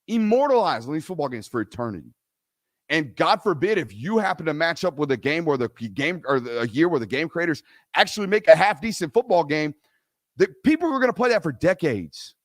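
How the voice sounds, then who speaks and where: Man, live sports talk host, animated lively pitch, emphatic ranting, dry close sound. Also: fairly quick, dry recording.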